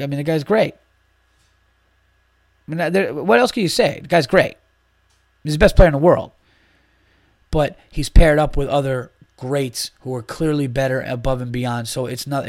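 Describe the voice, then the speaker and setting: A man's mid-range voice, free of room sound, carries a casual podcast rant about basketball. He's blunt and profane, with strong opinions and lots of restarts.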